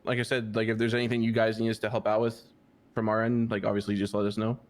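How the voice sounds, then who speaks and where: Laid-back lower-voiced man in role-play. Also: completely flat delivery, fast talker. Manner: laid-back, filler-heavy, "you know". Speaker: role-play player, police dispatch. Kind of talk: in-character game role-play chat.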